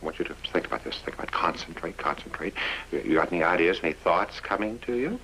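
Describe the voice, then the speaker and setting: An actor in a 1960s sitcom playing a pompous, blustering naval commander. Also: male voice, deep voice, expressive, fast, sharp tone, heavily acted. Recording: very noisy old TV soundtrack.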